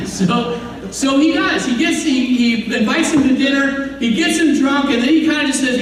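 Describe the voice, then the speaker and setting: A man's voice: extremely high pitch, expressive, measured pace. A man preaching a sermon as pastor, telling the story conversationally with asides and acted-out voices, in a church sanctuary. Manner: acts out quoted voices. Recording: echoey hall, distant mic, faint room noise.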